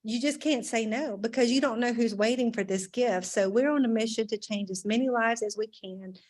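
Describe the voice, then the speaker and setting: A woman's voice: a little high, fairly quick, darkish tone. Earnest woman giving a testimonial. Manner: earnest, faith-filled. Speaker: speaker sharing a testimonial. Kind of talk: testimonial speech.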